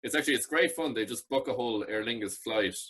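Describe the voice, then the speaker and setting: A man chatting as a podcast guest, an animated storyteller who often laughs. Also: mid-range voice, fast talker, breathy edge. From Ireland. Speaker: guest, traditional musician. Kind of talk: casual podcast chat.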